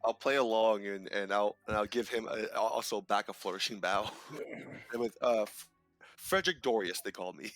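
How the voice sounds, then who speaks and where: A man playing a tabletop game, playful and quick to laugh. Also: on the low side, fairly even intonation, a bit bright. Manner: playful, giggly. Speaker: player. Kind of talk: casual tabletop play.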